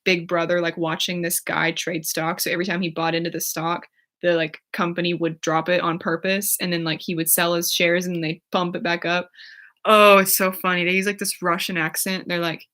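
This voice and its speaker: This YouTuber, a woman in her twenties, keeps things casual on a home livestream, giggling and using plenty of fillers while she rambles through replies to her chat. Her lowish voice sounds pushed and bright.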